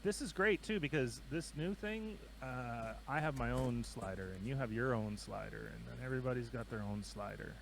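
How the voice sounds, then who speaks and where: A man's voice: mid-range voice, normal speed, vocal fry, few pauses, a little hiss or hum. A man cohosting a live stream, playful and chatty while sorting out his audio. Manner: playful, chatty, sings snippets. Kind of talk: casual chat on a live stream.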